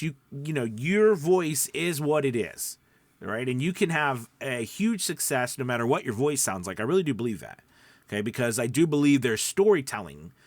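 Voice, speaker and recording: A man hosting a show for new voiceover artists, teaching in an energetic, chatty way with frequent fillers. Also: mid-range voice, no echo. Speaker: voiceover coach. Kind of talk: upbeat teaching monologue.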